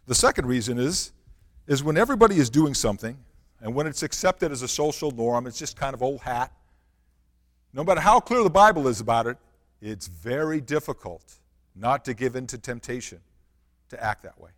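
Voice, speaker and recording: A man's voice: mid-range voice, expressive, normal speed, in a large hall. A man preaching a sermon, reading scripture and asking the congregation earnest rhetorical questions. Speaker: pastor.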